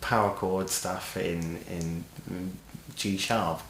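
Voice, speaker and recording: A man's voice: deep voice, fairly even intonation, takes it slowly, a bit bright, reverberant, a little hiss or hum. A man co-hosting a podcast, a guitarist and singer chatting casually and enthusiastically, swearing now and then. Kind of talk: casual chat.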